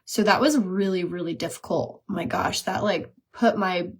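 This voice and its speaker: A woman's voice: lowish voice, normal speed, creaky, breathy edge. A woman in her thirties chatting casually while doing her makeup, telling stories and laughing at herself. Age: 30s. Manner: chatty, self-mocking, storytelling, laughs at herself. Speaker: beauty vlogger.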